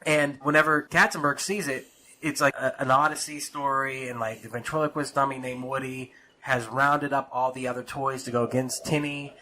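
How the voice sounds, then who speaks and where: A man's voice: mid-range voice, fairly even intonation, moderate pace, pushed and bright, a little hiss or hum. A man co-hosting a casual podcast, telling a story with a lot of swearing and acted-out quotes. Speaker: podcast co-host.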